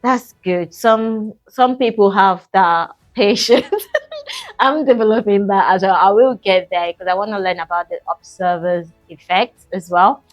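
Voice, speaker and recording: A woman's voice: medium pitch, lively intonation, a little slow, soft background music. Chatty woman coach calling listeners sis. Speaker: mindset coach. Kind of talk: casual coaching talk.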